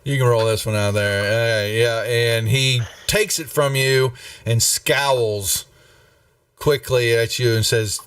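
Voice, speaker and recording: A man running a tabletop game as game master, narrating in an unhurried, rambling way with many fillers. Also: mid-range voice, steady tone, fairly bright tone, clear, resonant tone, no echo, recorded from a distance.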